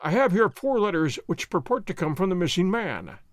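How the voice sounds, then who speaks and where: A man reading an audiobook, voicing a calm, confident male detective who speaks in a measured, suave, lecturing way. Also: high voice, no echo, clean studio sound.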